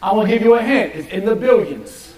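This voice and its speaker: High-pitched man hosting a live game show. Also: a little fast, far from the mic. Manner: energetic, hypes up the crowd. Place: stage with live studio audience. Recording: echoey live venue. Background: audience.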